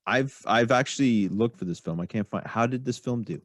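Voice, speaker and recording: A man's voice: medium pitch, fairly quick. A man hosting a podcast interview, reacting with short laughs and asking questions. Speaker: podcast host. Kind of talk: casual interview.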